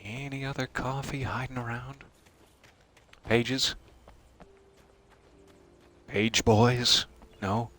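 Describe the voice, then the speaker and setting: A man's voice: mid-range voice, steady tone, drawn-out words, pauses often, bright, forceful tone. A male streamer doing let's-play commentary with puns and dry, sarcastic asides.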